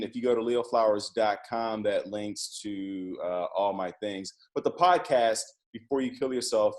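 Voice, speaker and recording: A man talking as a guest on a podcast, a coach speaking casually with many restarts and fillers. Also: lowish voice. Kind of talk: casual interview chat.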